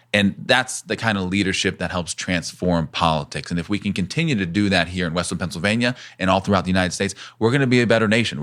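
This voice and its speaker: Earnest male political guest, low voice, podcast interview. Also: a bit bright. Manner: earnest, campaign-style talk. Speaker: congressional candidate, guest.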